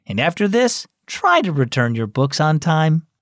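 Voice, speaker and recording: A man voicing a kind mother who gently teases, in a children's radio story. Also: fairly high pitch, big pitch swings, unhurried, dry recording, clean studio sound.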